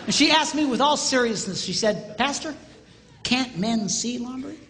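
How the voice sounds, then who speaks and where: A man's voice: extremely high pitch, moderate pace, big-room sound, a little hiss or hum. A man preaching, a pastor telling a humorous story and acting out the dialogue. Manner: animated, acts out quoted dialogue, jokey.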